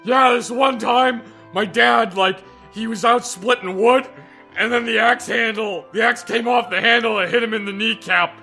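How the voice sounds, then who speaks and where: A man's voice: extremely high pitch, moderate pace, gravelly, bright, forceful tone, faint music behind, full character voice. A man voicing a chatty, proud steam-carriage driver in a game playthrough, rambling on about his father. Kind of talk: voicing a game character for friends.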